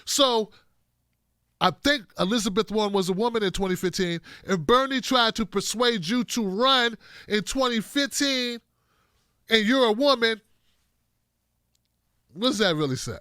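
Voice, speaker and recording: A man's voice: sits high, lively intonation, measured pace, pauses often, fairly bright tone, clean tone, dry recording, studio quality. A man giving blunt, profane political commentary, speaking straight to his viewers with heavy emphasis.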